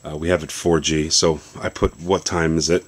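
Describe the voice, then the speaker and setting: A man with a very deep voice walks through a phone demo in a basement, loose and chatty. He stops, restarts and fills gaps with "uh" as he goes. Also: normal speed. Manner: relaxed, rambling explanation with many fillers and restarts. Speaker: tech video host. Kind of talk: casual tech demonstration.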